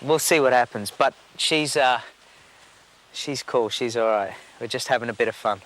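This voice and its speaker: A man's voice: mid-range voice, normal speed. A man chatting in a laddish, flirty, joking way. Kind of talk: reality show chat. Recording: reality footage under loud music.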